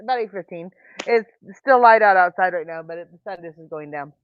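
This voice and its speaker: A woman's voice: on the low side, animated, fairly quick, clear, resonant tone, lo-fi sound. A woman chatting with a friend on a video call, rambling and restarting her sentences. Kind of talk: casual chat.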